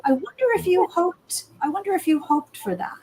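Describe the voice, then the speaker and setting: A woman's voice: very high voice, normal speed, darkish tone, poor audio. A woman hosting a book interview, speaking in an effusive, emphatic way. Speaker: interview host.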